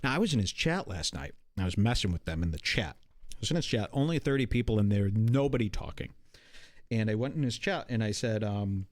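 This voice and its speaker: A man hosting a podcast, talking in an animated, exasperated, profane rant. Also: on the low side, brisk. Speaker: podcast host. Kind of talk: casual ranting commentary.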